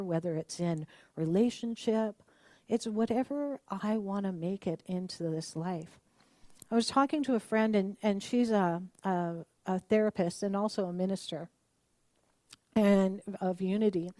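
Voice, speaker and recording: A middle-aged woman minister giving a conversational, animated sermon and acting out the voices of the people she quotes. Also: mid-range voice, no room sound.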